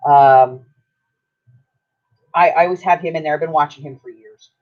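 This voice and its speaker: A woman's voice: low voice, moderate pace. An older woman hosting a craft livestream, chatting in a rambling, self-mocking way while she works. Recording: dull lo-fi stream audio.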